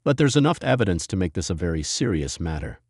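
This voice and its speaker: A man voicing a cold, stern federal agent who speaks in a measured, authoritative way. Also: low-pitched, big pitch swings, a little mellow, husky, dry recording, studio quality, heavily acted.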